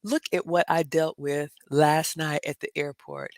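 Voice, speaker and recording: A middle-aged woman from the American South with a Southern accent, telling a story to her vlog viewers in a chatty, animated way. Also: sits low, measured pace, no room sound. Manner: chatty and animated, addresses viewers as "y'all", laughs often. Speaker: vlogger.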